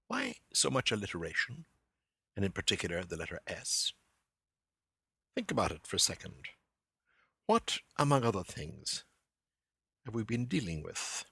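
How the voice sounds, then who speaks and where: A low-voiced man hosts a literary lecture podcast, his tone bright and forceful over a gravelly, husky grain. He talks in a theatrical, animated way and drops playful asides to his audience. The recording is dry and close. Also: normal speed, dry recording.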